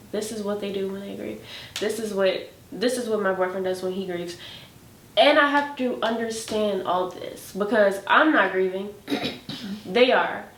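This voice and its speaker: A woman co-hosting a casual podcast, talking in an earnest, reflective way and often restarting her sentences. She sounds somewhat far from the mic. The room gives her voice a clear echo. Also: medium pitch, fairly bright tone. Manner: reflective, earnest, repeats words as she thinks. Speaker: podcast co-host. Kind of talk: casual chat.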